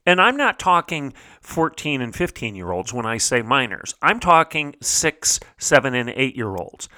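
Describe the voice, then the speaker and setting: Male talk-show host, bright forceful voice, emphatic rhetorical monologue, dry close studio mic. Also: mid-range voice, sing-song, a little slow, dry recording. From United States. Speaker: podcast host.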